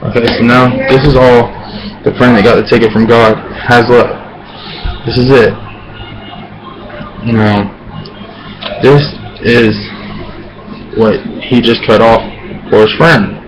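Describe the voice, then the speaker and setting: A man's voice: mid-range voice, steady tone, slow pace, pauses often, background noise. A man casually telling a parable with a prop in a loose, rambling way, recorded on a camera he holds and then sets down. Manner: loose, rambling, with many "you know"s. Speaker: storyteller. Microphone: handheld camera, then set down.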